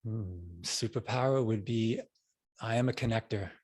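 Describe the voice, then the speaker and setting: In a casual podcast interview, a middle-aged man with a New York accent rambles loosely, restarting often and returning to earlier points. His voice sits on the low side with a darkish tone, and he speaks unhurriedly.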